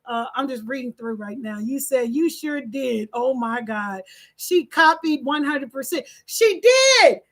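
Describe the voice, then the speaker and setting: Reading the chat aloud on her live stream, a middle-aged woman gets preachy and animated, bursting into laughter and shouting. She speaks at a measured pace in a high voice.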